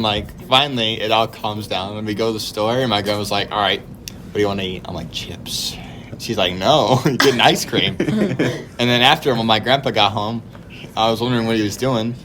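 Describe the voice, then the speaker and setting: A man on a podcast, telling childhood stories in a casual, animated way and laughing as he goes. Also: on the low side, background noise. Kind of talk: casual storytelling chat.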